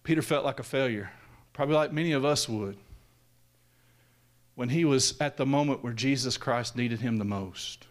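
A man preaching a sermon, swinging from loud raised peaks down to hushed, low lines. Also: moderate pace, pauses often.

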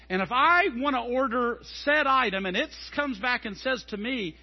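A middle-aged man preaching a sermon as a pastor, animated and telling stories. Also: very high voice, normal speed, few pauses, dull audio. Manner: animated and storytelling, acting out scenes.

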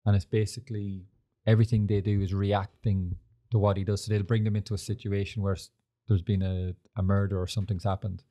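A young man with a low, mellow voice hosts a laid-back podcast. He rambles from story to story, swears freely and leans on fillers as he goes. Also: flat delivery, fairly quick. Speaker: podcast host. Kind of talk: casual chat.

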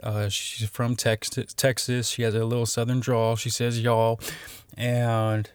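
A man's voice: mid-range voice, dry recording, studio quality. A man talking casually on his own, reading out definitions with many fillers and restarts.

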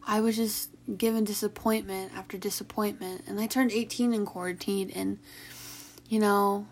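Young woman vlogger, mid-pitch voice, emotional and halting, sighs between restarts. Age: young adult. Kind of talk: personal confessional talk.

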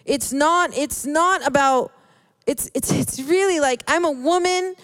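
Earnest high-voiced woman preaching. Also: fairly bright tone, no echo. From Hispanic background. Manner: earnest, halting with repeated restarts. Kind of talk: sermon.

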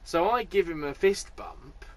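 A man co-hosting a podcast, telling a comic story in a lively, sweary, casual way and laughing as he goes. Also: a little high. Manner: animated, sweary, quick to laugh. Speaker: podcast co-host.

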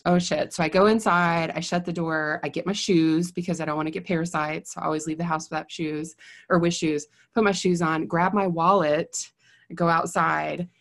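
Woman, casual storytelling, animated, low voice, some vocal fry. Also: moderate pace. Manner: chatty, animated, heavy use of "like". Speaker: psychologist.

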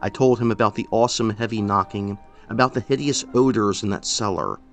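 A man narrating a first-person story in a measured, expressive way. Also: fairly low pitch, faint music behind. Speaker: audiobook narrator.

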